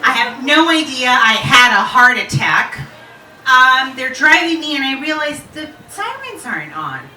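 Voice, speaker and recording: A woman in her forties telling a personal story to a live audience, candid and animated, laughing and swearing freely. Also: high-pitched, a little slow, echoey room, far from the mic, a little hiss or hum, rough recording. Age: 40s.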